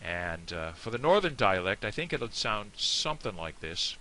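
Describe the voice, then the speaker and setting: A man's voice: low-pitched, lively intonation, normal speed, bright, forceful tone. An American man giving a casual, rambling lesson on a toast, with many fillers and self-deprecating asides. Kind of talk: casual screen-share lesson. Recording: faint hiss.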